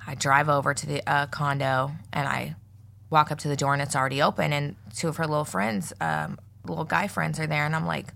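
Creaky, bright-voiced woman telling a wild story. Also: low-pitched, fairly quick. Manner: profane, animated storytelling, gets loud when retelling. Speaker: podcast co-host telling a story. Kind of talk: casual chat, storytelling. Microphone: podcast microphone.

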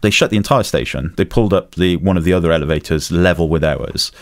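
Podcast host, man, very low voice, dry close sound, rambling anecdote delivery. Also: fast talker, dry recording. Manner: rambling, hesitant, stumbling over words. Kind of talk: casual storytelling chat.

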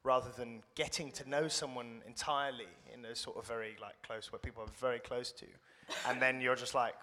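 A young British man speaks in a bright voice, pausing and restarting his sentences as he talks about himself with wry modesty. The sound rings out in a reverberant room. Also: mid-range voice, fairly even intonation. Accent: British English. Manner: thoughtful, self-deprecating, rambling with restarts. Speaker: guest actor. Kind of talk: casual interview chat.

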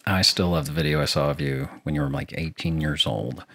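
A man's voice: very deep voice, fairly quick, gravelly, fairly bright tone. A man co-hosting a podcast in casual chat, joking and crude. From Southern US. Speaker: podcast co-host.

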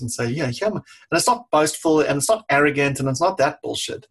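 Husky, blunt man. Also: medium pitch, expressive, brisk. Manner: blunt and frank, swears freely, acts out quoted exchanges. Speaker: leadership coach. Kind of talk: casual talk to camera.

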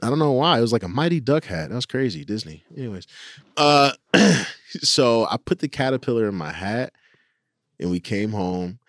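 A man's voice: mid-range voice, moderate pace, dry recording, studio quality. A man co-hosting a casual podcast, telling stories with lots of laughter and swearing. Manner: animated, laughing storyteller who swears a lot. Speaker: podcast co-host. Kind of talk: casual chat, storytelling.

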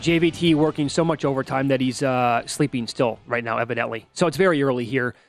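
A man's voice: medium pitch, a little fast, soft background music. A young man co-hosting a sports betting show, chatty and teasing. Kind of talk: casual sports radio banter.

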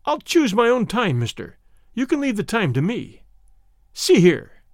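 Guy doing a jealous bully in a storybook reading, curt and savage, lots of swing in the pitch. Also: wildly swooping pitch, measured pace, no echo, studio quality, full character voice. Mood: menacing. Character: swaggering menacing young man, jealous and threatening.

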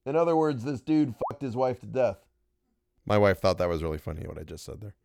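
A man's voice: on the low side, fairly quick, vocal fry, darkish tone, dry recording, studio quality. Self-mocking man reading ghost stories. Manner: self-mocking, breaks off to joke and grumble. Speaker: storyteller. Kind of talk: reading ghost stories aloud, with joking asides.

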